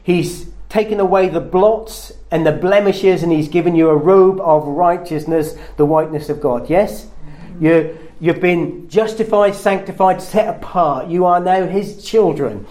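A man's voice: measured pace, hardly any pauses, a little mellow. A man preaching a sermon in an earnest way, his voice rising at emphatic points. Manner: earnest, rises in pitch and volume at emphatic points.

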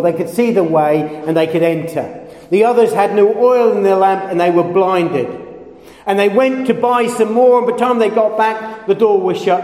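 Preacher in an echoey hall. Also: male voice, fairly high pitch, a little slow. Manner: animated storytelling with playful asides and acted quotes. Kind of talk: sermon. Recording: echoey hall with long reverb.

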